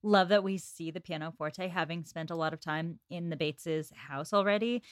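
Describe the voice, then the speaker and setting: A woman in a casual podcast discussion who adds quick conversational comments. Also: lowish voice, no echo, studio quality.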